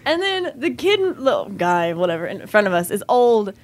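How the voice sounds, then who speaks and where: A woman telling a rambling story in casual chat, animated and quick to laugh. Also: medium pitch.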